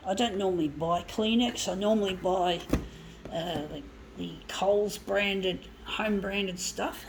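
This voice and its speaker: In her home lounge room, where a fan adds background noise, a woman from Guam crafts on camera and chats rambly with her viewers, calling them "folks." Her voice is lowish, and the video is a casual crafting vlog.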